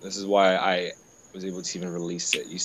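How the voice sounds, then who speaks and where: A man talking in a halting, confessional way, emotional and tearful. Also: sits low, little pitch movement, slight background noise, poor audio. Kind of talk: casual conversation.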